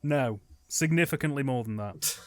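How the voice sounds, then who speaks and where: A man co-hosting a casual film commentary, cracking playful deadpan jokes and laughing a lot. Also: mid-range voice, normal speed. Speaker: co-host.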